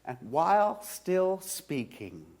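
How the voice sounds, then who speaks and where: A male pastor preaching a sermon in a church, retelling a story slowly with dramatic swings from loud to hushed. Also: high voice, big pitch swings. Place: church sanctuary.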